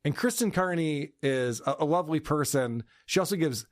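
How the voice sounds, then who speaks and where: A man's voice: a little high, animated, moderate pace, no echo, clean studio sound. A man hosting a podcast, recapping a feud with crude, laughing sarcasm. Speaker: podcast host. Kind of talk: mocking podcast commentary.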